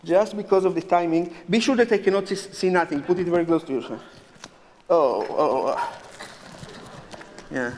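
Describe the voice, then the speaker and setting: A man performs as a stage mentalist in front of a live audience, joking nervously with volunteers in slightly broken English. His voice sits a little high. It carries a long reverb from a big hall, with clear noise underneath. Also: normal speed, long pauses, a little mellow. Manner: joking, nervous, non-native phrasing. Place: large theatre stage before a live audience.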